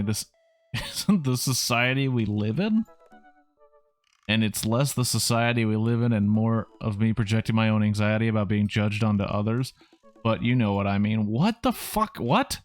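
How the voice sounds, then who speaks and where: A man streaming a dating video game, reading the lines aloud in a casual way with wry asides. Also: fairly low pitch. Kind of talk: let's play game reading.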